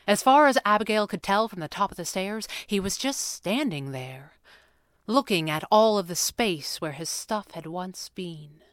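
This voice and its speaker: A woman narrating a children's story aloud, expressive and voicing each character. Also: lowish voice, clean tone, no room sound, studio quality. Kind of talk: audiobook narration.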